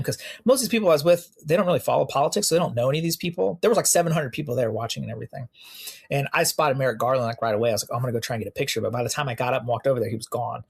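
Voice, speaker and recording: A young American man telling stories as a podcast guest, with a gravelly, husky voice. He talks casually and animates his stories by acting out the people he quotes. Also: mid-range voice. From United States. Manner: animated storyteller who acts out quoted exchanges. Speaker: podcast guest, police officer. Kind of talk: casual storytelling in an interview.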